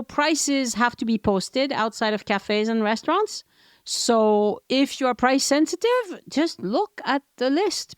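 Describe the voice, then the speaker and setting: A woman's voice: fairly high pitch, clear, resonant tone, no room sound. Chatty woman hosting a podcast. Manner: chatty, laughs easily, tells anecdotes. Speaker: podcast host. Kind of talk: casual conversational interview.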